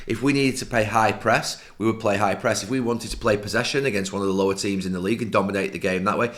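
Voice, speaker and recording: A middle-aged man with a fairly low voice, talking football on a podcast. He lays out tactics at length in a firm, emphatic way, sure of his opinions. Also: a bit bright. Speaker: podcast co-host, football pundit. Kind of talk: casual football discussion.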